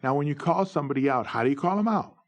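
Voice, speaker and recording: A middle-aged man from New York State, a former umpire, tells his own stories in a lively anecdotal way, acting out the dialogue. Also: very fast. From New York State, USA. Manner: animated, acts out dialogue with big pitch jumps. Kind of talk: anecdotal storytelling.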